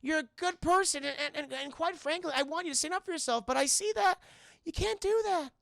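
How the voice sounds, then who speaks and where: A man voicing a scheming, vengeful middle-aged mother in a high, shrill, pleading voice that builds to shouts. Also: a little fast, gravelly, no echo, studio quality, heavily acted.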